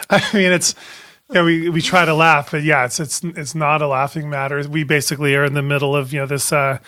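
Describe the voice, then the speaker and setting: A man co-hosting a podcast in a small studio, chatting casually and rambling, quick to laugh. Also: a little high, level tone, sharp tone, no echo. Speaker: podcast co-host.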